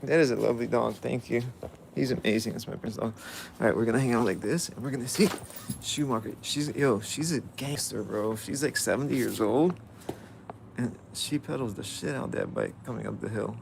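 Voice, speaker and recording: A man's voice: mid-range voice, a little fast, gravelly, background noise. A man casually vlogging outdoors, playfully chatting with and about a dog. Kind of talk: casual vlog chat.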